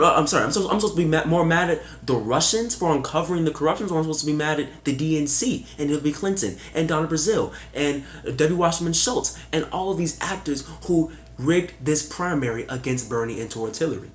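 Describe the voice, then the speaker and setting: A man giving a heated political opinion monologue, casual and sarcastic, swearing and firing off rhetorical questions, swinging from loud outbursts to low muttering. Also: fast, few pauses, roomy sound. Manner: casual, swears, says y'all. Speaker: political commentator.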